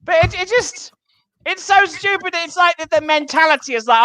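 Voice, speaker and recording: A man's voice: very high voice, moderate pace, pushed and bright, dry recording, poor audio. A young English man doing a self-mocking stand-up set online, acting out little voices in his stories. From England. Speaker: stand-up comedian.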